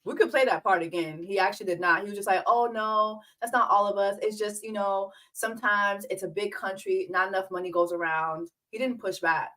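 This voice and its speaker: Bright-voiced sarcastic woman host. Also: medium pitch, fairly even intonation, brisk, hardly any pauses. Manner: sarcastic, emphatic, slangy. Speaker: host reacting to clips. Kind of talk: casual live-stream commentary.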